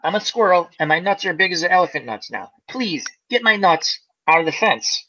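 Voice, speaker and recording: Bit part: pleading squirrel, whiny, lively pitch, a man voicing it. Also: fairly quick, dull audio, full character voice. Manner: whiny, begging. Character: pleading male squirrel with nuts stuck.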